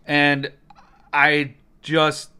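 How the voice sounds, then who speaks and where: High, bright ranting man. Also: completely flat delivery, drawn-out words, clear, resonant tone. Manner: exasperated, rambling, mock-outraged, with sudden screams. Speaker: host of a live stream. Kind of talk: comedic ranting live stream.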